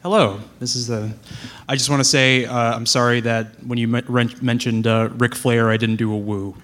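A man's voice: medium pitch, little pitch movement, moderate pace, a bit bright. A man chatting casually on stage before his set, rambling and playful with plenty of restarts. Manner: rambling, self-interrupting, playful. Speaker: writer and guest performer. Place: live venue with audience.

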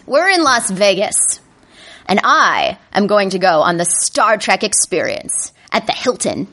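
A woman telling a comedic personal story to a live audience, animated and self-mocking. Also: medium pitch, measured pace. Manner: animated, self-mocking, breaks into panicked inner voices.

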